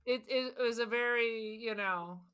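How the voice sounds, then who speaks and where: A woman's voice: on the high side, unhurried, a bit bright, smooth. A woman co-hosting a podcast, joking casually, trailing off and repeating words as she talks. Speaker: podcast co-host. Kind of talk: casual chat.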